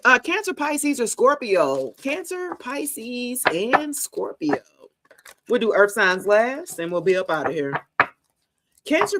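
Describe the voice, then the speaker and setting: A woman's voice: fairly high pitch, very noisy. Laughing, profane woman reading tarot. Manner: casual, profane, laughing often, talks to viewers as y'all. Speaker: tarot reader.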